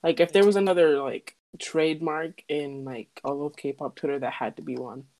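A woman's voice: deep voice, steady tone, moderate pace, warm tone. A young woman in casual fan chat, rambling with many fillers and quoting her own reactions. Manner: rambling, lots of fillers, emphatic quotes.

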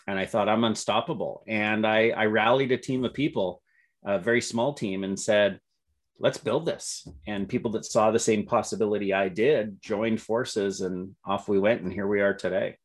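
Middle-aged guy, kinda low voice, upbeat storyteller, restarts his sentences a lot. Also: fairly even intonation, normal speed. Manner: upbeat, optimistic storyteller with self-corrections. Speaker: entrepreneur guest. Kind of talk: storytelling interview answers.

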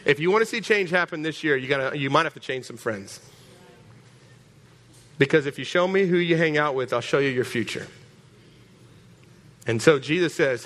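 A man preaching a sermon as pastor, animated and joking, acting out voices. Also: on the high side, normal speed, long pauses. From Texas.

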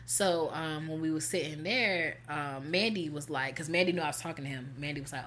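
A woman co-hosting a laid-back talk show, spinning a story in loose slang and acting out what everyone said. Her voice sits a little low for a woman yet sounds bright and forceful. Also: a little fast, few pauses. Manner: animated, slangy, acts out quotes. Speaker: podcast co-host. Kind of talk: casual storytelling chat.

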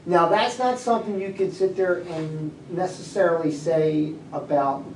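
A man talking in a loose, rambling way who often trails off mid-thought. His voice is slightly high and picked up from a distance. The recording sounds roomy, with a faint background hiss. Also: normal speed, a little mellow. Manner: rambling, trails off searching for names. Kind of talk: casual chat. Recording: echoey room, far from mic, faint noise.

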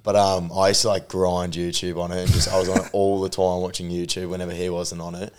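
Young man, deep low voice, rambling casual storytelling, lots of fillers. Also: flat delivery, fast talker, noisy background. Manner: rambling, filler-heavy, swearing. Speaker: podcast co-host.

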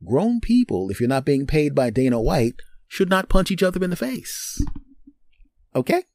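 Animated, jokey man telling stories. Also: fairly high pitch, normal speed, no echo. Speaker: podcast host. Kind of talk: storytelling monologue.

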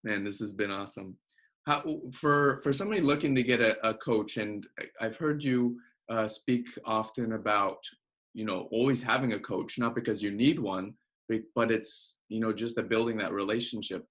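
A man's voice: on the low side, moderate pace, fairly bright tone. A man hosting an interview, asking long, searching questions full of fillers. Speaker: podcast host, interviewer. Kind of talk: casual interview conversation.

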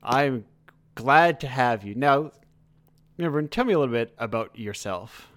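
A man's voice: medium pitch, lively intonation, normal speed, a bit bright. Chatty laughing male stream host. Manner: chatty, laughs often, sidetracked, self-correcting. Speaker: livestream host. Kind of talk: casual interview chat.

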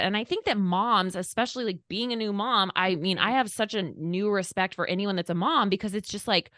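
A woman in her thirties, a podcast guest talking candidly, blunt and animated, swearing casually. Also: mid-range voice, brisk, hardly any pauses, no room sound, studio quality. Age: 30s. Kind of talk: candid conversation.

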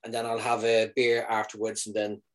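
A man in his thirties, a comedian chatting casually and telling animated stories, leaping up in pitch for quoted lines. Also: moderate pace. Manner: animated storyteller, jumps high for quoted lines. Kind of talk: casual chat.

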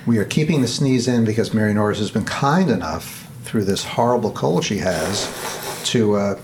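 A man hosting an interview podcast, asking measured, curious questions with some halting restarts. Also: on the low side, darkish tone, a little hiss or hum. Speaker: podcast host.

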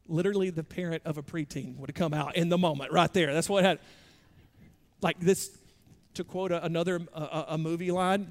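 High-voiced pastor preaching in a hall. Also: male voice, moderate pace, pauses often. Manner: conversational, self-deprecating preaching with shifting loudness. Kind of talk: sermon.

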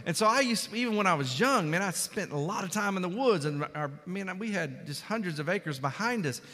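A man preaching a sermon, emphatic, building up to loud climaxes and asking the congregation for amens. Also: high-pitched, lively intonation, fairly quick. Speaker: pastor. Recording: long hall reverb.

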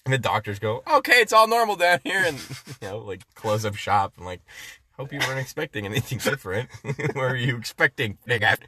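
A man's voice: mid-range voice, sing-song, moderate pace, pushed and bright, breathy edge. A young man in crude casual chat as a podcast co-host, laughing often and acting out the people he quotes.

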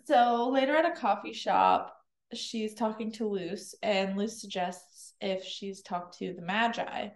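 A woman's voice: mid-range voice, measured pace, echoey room. A woman co-hosting a podcast, chatting casually as she recaps a novel's plot and acts out lines in silly voices. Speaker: podcast co-host explaining a book.

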